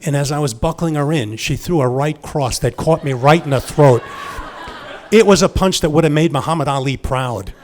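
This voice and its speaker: A man's voice: a little high, normal speed, a little hiss or hum. Wry man telling a family story. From Long Island, New York. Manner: intimate, wry, shifting from hushed to emphatic. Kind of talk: personal storytelling.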